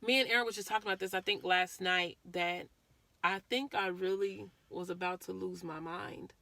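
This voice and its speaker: Girl vlogger telling a really personal story, bright clear voice, dry close sound, keeps repeating herself. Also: on the low side, fairly even intonation, normal speed, no echo. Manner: earnest, repeats herself, acts out quotes.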